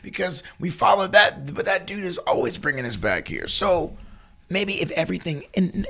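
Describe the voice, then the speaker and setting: Gravelly animated man musing on faith. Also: sits high, moderate pace. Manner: earnest, rambling, acts out little voices in stories. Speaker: co-host. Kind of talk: casual spiritual chat.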